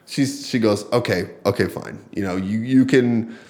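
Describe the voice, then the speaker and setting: Man telling a story, lower voice. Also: moderate pace. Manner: lively anecdote-telling, quoting others with laughs and fillers. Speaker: podcast guest, fighter. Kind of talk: casual storytelling in conversation.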